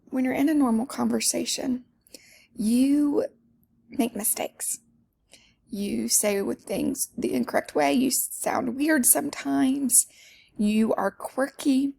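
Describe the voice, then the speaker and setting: A woman's voice: a little high, creaky, darkish tone, breathy edge. A woman teaching public speaking in a conversational lecture, with fillers and self-corrections. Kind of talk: lecture to students.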